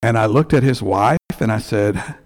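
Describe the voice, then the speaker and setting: A man, a church elder telling a heartfelt story in a sermon, halting and restarting as he goes, on a headset mic. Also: lowish voice.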